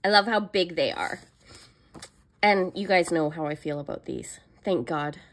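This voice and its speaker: A woman's voice: lowish voice, moderate pace. A young woman chatting casually in a haul vlog, gushing and squealing over cute planner stickers. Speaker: planner vlogger.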